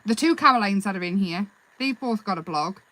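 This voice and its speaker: A woman hosting a live craft demonstration, chatting in a relaxed, rambling way and answering viewers' comments as she works. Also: mid-range voice, a little fast, no room sound, low-quality recording. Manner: relaxed, self-deprecating. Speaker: craft livestream host.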